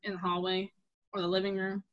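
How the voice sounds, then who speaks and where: An adult woman telling a Bible story to kids and leading a group talk, acting out the characters with a lively voice. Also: medium pitch, a little fast, dull audio. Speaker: youth group leader.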